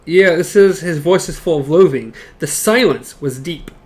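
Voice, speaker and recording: A man with a fairly high voice reads chapter passages aloud in a casual podcast chat. He stumbles over words and breaks off to joke about the text. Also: moderate pace, a little mellow, breathy edge. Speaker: podcast co-host. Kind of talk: casual book discussion, reading passages aloud.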